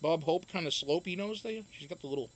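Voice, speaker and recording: A fast-talking man with a fairly high-pitched voice reads out viewer chat during a casual live stream. He answers it in a rambling, profane way, with many restarts.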